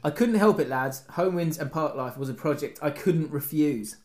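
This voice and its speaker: A man's voice: fairly high pitch, animated, normal speed, a little mellow. A man co-hosting a podcast, bantering and reading out listener messages with frequent laughter. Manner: jokey, laughs often, reads messages aloud. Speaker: podcast co-host.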